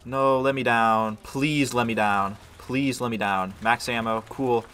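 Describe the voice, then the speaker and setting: A gaming YouTuber with a medium-pitched, fairly even, unhurried voice and a sharp tone casually comments on his gameplay while strained from hot sauce. He swears freely and mocks himself, swinging between yelps and groans.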